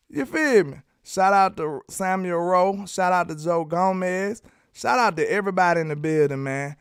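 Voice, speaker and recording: A man from Alabama with a Southern accent giving animated, slangy football commentary, talking straight to his viewers. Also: high voice, dry recording, studio quality. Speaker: sports commentary host. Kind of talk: casual sports commentary vlog.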